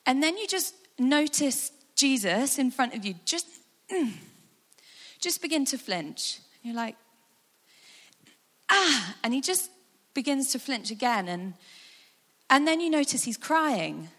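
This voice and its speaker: A woman speaker giving a guided imagination talk, animated and conversational with frequent fillers. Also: sits high, measured pace. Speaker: church speaker. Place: large hall with a sound desk. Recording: long hall reverb.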